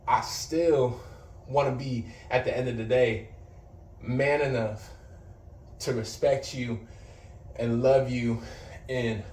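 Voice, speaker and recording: A man's voice: mid-range voice, steady tone, slow, darkish tone, far from the mic. A man vlogging straight to the camera in blunt, slangy talk peppered with swearing and brags, sounding a little out of breath. He is some way from the mic, so his voice carries the echo of the room, and a faint hiss of noise runs underneath. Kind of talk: casual direct-to-camera vlog talk.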